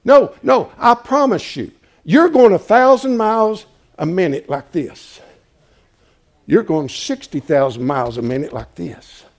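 Man, preacher, high gravelly voice, folksy, hushed then shouting. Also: lively intonation, unhurried. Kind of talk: sermon.

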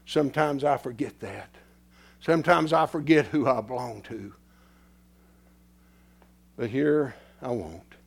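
A man preaching a sermon, swinging from loud declarations to hushed, near-whispered lines. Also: medium pitch, takes it slowly, vocal fry, long pauses, breathy edge.

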